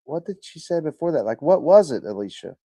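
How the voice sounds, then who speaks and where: A man's voice: on the high side, big pitch swings, brisk, mellow, dry recording. Crude, laid-back male stream host. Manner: crude, joking, swears a lot. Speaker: livestream host. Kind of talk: casual chat reading viewer comments.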